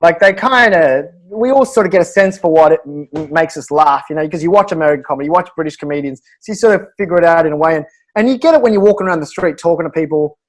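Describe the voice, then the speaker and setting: A quick, high-voiced Australian man spins comedy anecdotes for a podcast interview, animated and chuckling along as he goes. He talks in a brisk tumble of words. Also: low-quality recording. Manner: animated, chuckling through his own stories. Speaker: guest comedian.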